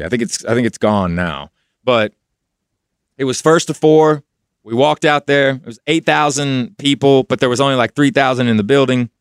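Smooth-voiced man telling a story casually. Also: no echo, studio quality. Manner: relaxed, conversational, drops low when emotional. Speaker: rock band lead singer, guest.

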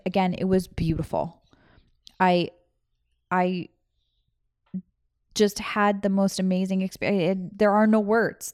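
A woman, a former veterinarian, earnestly retelling a deeply emotional personal experience in casual chat, full of restarts and rambling. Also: darkish tone, dry recording, studio quality.

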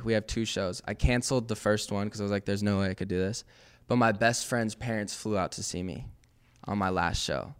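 A young man, a podcast guest, telling a long anecdote in a casual, animated way, full of "like" and quick laughs. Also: on the low side, clean tone. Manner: animated, heavy use of "like", laughs often. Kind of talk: casual storytelling.

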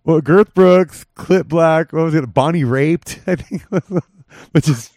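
A man's voice: fairly high pitch, takes it slowly, a little mellow, no echo, studio quality. A man hosting a podcast in casual chat, rambling and giggling through crude jokes. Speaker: podcast host.

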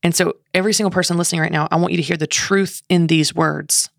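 A woman's voice: low-pitched, little pitch movement, quick pace, gravelly, few pauses, no room sound, studio quality. A woman in her thirties, a guest on a faith podcast, telling a story with passion and acting out inner voices. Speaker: guest author and speaker.

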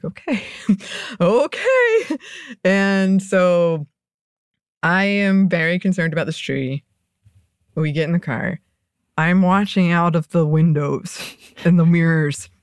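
Woman podcaster telling a story, laughs a lot, lower voice, very lively. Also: no echo, clean studio sound. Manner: animated storytelling, laughing often. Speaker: podcast co-host. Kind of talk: casual chat.

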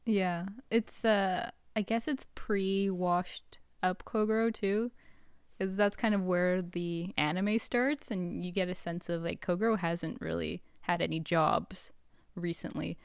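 Female co-host, smooth lowish voice, dry close sound, hesitant casual chat. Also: steady tone, a little slow, no echo. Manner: hesitant, many fillers, laughs easily. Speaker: podcast co-host.

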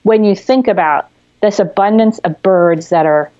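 A woman therapist on an interview, explaining calming techniques in a gentle, explanatory way with frequent fillers and restarts. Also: mid-range voice, normal speed, dull audio. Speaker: therapist guest. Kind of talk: conversational teaching.

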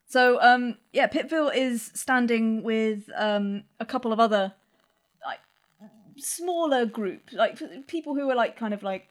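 A woman's voice: a little high, a little slow. A woman narrating as game master in a tabletop game, casual and hesitant. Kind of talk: tabletop role-play narration.

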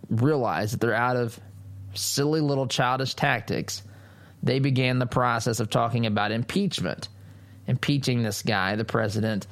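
A man hosting a political talk show, giving an emphatic, sarcastic commentary monologue and speaking straight to his listeners. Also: mid-range voice.

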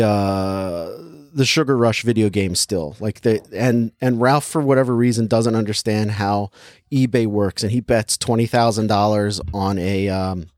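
Reviewing a movie on a podcast he co-hosts, a young man talks casually, rambles through lots of filler words, and laughs readily. His pitch is fairly low and his tone darkish, captured in studio quality without echo.

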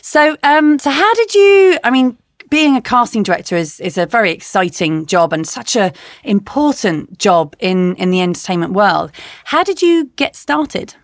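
A woman's voice: mid-range voice, lively intonation, moderate pace, dry recording, studio quality. Effusive woman podcast host. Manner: enthusiastic, effusive praise. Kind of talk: interview podcast.

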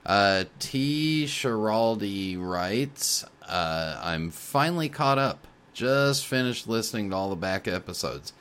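A man's voice: lowish voice, animated, slow, few pauses, a bit bright, clear, resonant tone. A man hosting a podcast, casually reading listener letters aloud with frequent chuckles and filler sounds. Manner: many filler uhs.

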